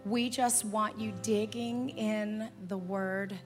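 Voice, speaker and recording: A woman's voice: medium pitch, fairly even intonation, takes it slowly, soft background music. A woman pastor preaching in a church and leading the congregation in prayer, earnest and drawn out on key words. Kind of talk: sermon with altar call and prayer. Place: church auditorium, also streamed online.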